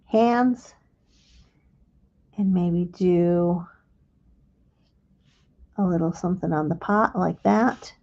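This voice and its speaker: Gravelly, mellow woman teaching crafts. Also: on the low side, lo-fi sound. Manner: gentle, unhurried step-by-step explaining. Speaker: craft instructor. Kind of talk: live crafting demonstration.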